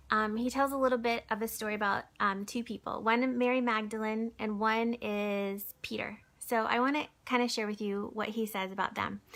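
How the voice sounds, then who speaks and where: A woman giving a gentle, conversational devotional talk and reading aloud from a book for a recorded church video, with many fillers and restarts, sometimes dropping to a soft whisper. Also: a little high. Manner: drops to a soft whisper at times.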